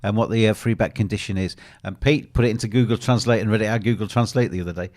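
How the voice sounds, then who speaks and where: A man's voice: on the low side, quick pace, a little mellow, no room sound. A man co-hosting a live football show, chatting casually and reading out viewer messages. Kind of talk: live in-play football chat.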